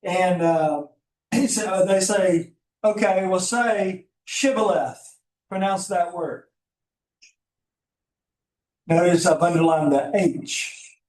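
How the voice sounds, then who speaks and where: A middle-aged Bible teacher with a Southern Alabama accent, speaking in a relaxed, folksy lecture style with chatty asides. His voice sits a bit high for a man. It is picked up from some distance in a reverberant classroom. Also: takes it slowly, pauses often. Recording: roomy classroom audio from a distant mic.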